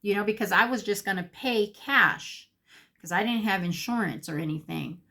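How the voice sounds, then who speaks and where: A woman vlogger telling her own story in a casual, animated, candid way, with plenty of swearing. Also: mid-range voice, normal speed. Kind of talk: casual storytelling while getting ready.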